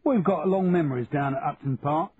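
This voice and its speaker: A man's voice: fairly high pitch, fairly quick, husky, pitched above the performer's own voice. A man playing a brash middle-aged police chief. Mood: gruff. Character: 47-year-old prickly, brash police chief. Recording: tinny lo-fi audio with faint hiss.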